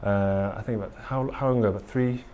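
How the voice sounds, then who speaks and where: In a conference hall, a man from England gives a live talk and Q&A with candor and enthusiasm, often saying um and restarting. His voice is on the low side, mellow and steady in tone, at a quick pace.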